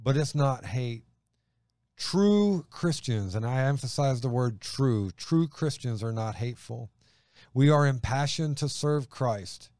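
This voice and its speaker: A man co-hosting a faith show, reading scripture and preaching earnestly, slowing down to stress his points. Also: mid-range voice, darkish tone, no room sound, clean studio sound. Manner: earnest, slows down for emphasis.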